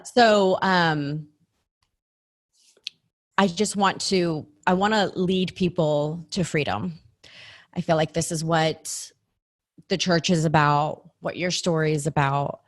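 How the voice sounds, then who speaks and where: A woman's voice: deep voice, fairly even intonation, slow pace, long pauses. A woman hosting a church podcast, talking in an earnest, encouraging and reflective way. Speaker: podcast host. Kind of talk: faith podcast conversation.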